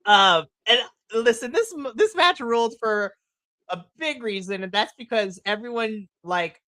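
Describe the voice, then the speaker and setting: A podcast co-host in casual post-show chat, excitable, laughing often and breaking into loud exclamations. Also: medium pitch, unhurried, no echo.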